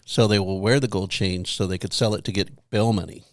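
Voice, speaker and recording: A man co-hosting a podcast, dropping deadpan one-liners in casual chat. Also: fairly low pitch, a little fast, no echo, clean studio sound. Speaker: podcast co-host.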